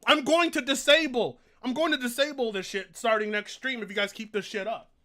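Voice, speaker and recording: A man's voice: very high voice, a little fast, bright, forceful tone. A man streaming live, reading donations aloud, swearing and groaning in pain in a whiny, exasperated way. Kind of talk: casual live-stream chat.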